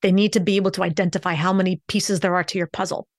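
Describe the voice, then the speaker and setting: A woman, a communication coach and podcast guest, explaining her method in an instructive way. She slows down and speeds up to stress her points. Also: lowish voice, steady tone, no echo, studio quality.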